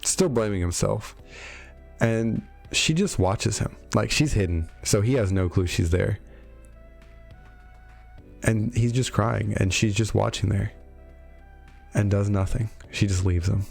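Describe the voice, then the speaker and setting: A game-lore video host recaps the story casually in a lowish, darkish voice with vocal fry, going a little slow and leaving long pauses. His commentary is full of fillers and wry sarcasm, backed by faint background music.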